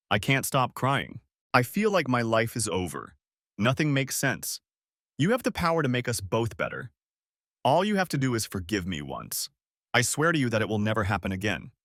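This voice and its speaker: A man's voice: medium pitch, big pitch swings, normal speed, a bit bright, dry recording, studio quality. A man voicing a heartbroken young wife who whines and begs, in a storybook reading. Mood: pleading. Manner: whining, begging, tearful.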